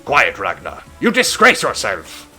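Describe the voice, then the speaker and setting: A man voicing a menacing male undead warlord from a strategy game, with a deep growling voice and slow contemptuous delivery. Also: wildly swooping pitch, pushed and bright, soft background music, heavily acted. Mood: scornful. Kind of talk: streamer voicing game dialogue.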